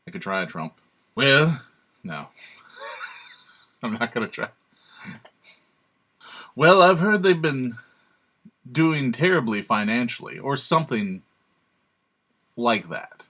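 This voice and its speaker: A man's voice: medium pitch, fairly bright tone. A man hosting his own channel, giving sarcastic, emphatic opinionated commentary and chuckling to himself. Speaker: channel host.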